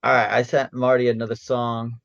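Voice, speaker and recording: A man co-hosting a podcast who introduces a band in casual chat, speaking in a relaxed, halting way. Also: medium pitch, gravelly, muffled recording. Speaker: podcast co-host presenting bands.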